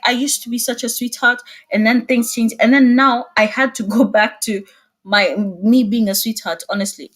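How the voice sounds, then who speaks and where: A young woman speaking as a guest in a casual video-call interview, expressive and laughing often. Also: on the high side.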